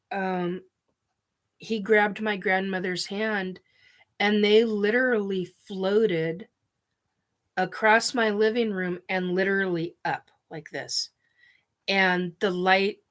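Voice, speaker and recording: A woman speaks slowly to her camera from her living room, telling a deeply personal story. She is crying as she talks, stopping and restarting, sniffing and apologizing between phrases. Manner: tearful, halting, with restarts and sniffs. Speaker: vlogger.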